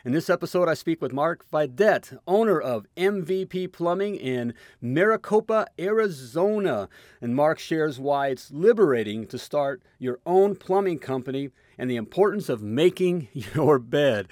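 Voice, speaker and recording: A man's voice: fairly high pitch, lively intonation, moderate pace, a little mellow, no echo, rough recording. A man hosting a podcast with boastful, hyped energy and lots of fillers. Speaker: podcast host.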